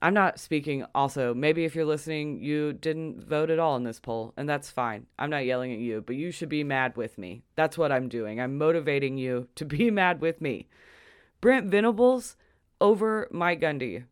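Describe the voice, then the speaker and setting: A man's voice: fairly high pitch, normal speed, hardly any pauses, smooth, no echo, studio quality. A young man ranting casually about a sports poll, exasperated and emphatic, his voice jumping up on punchlines. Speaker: sports commentator.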